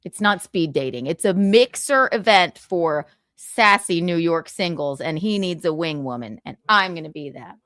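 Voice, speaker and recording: A woman hosting a casual livestream, reading viewer comments out loud in a brash, profane, giggly way. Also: lowish voice, lively intonation, normal speed, few pauses, dry recording, clean studio sound. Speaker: livestream host.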